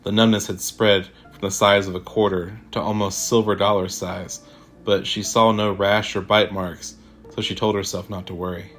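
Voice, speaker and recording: Low-voiced man narrating a horror story. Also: flat delivery, normal speed, a bit bright, faint music behind.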